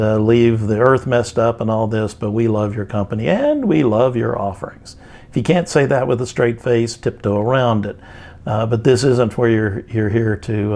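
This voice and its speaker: A man's voice: medium pitch, a little mellow. An older man with a Texan accent giving a plainspoken, folksy business lecture, with frequent fillers. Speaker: instructor. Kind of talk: recorded lecture.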